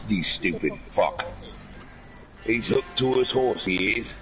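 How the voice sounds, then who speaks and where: A man's voice: fairly low pitch, expressive, slow pace, a bit bright, slight background noise. A man streaming a game with a friend, swearing freely and retelling stories in funny voices. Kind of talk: crude casual gaming banter. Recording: dull lo-fi stream with game music.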